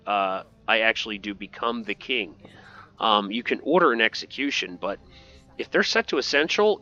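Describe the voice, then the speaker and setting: A man's voice: medium pitch, pushed and bright, muffled recording. A man giving casual, joking commentary over gameplay and talking back to game characters. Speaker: gaming video host.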